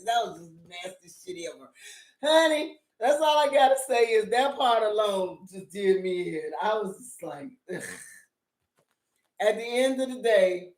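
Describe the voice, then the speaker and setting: This middle-aged woman reviews a drama on her vlog at a measured pace, her medium-pitched voice lively in intonation and a little mellow. It's an animated, casual rant, sassy and profane with laughing asides, recorded with a roomy sound.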